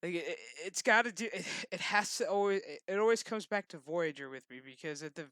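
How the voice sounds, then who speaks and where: A man hosting his own channel, ranting casually and profanely in a rambling, animated way. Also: sits high, fairly quick, clean tone, dry recording, clean studio sound. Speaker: gaming channel host. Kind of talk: casual rant.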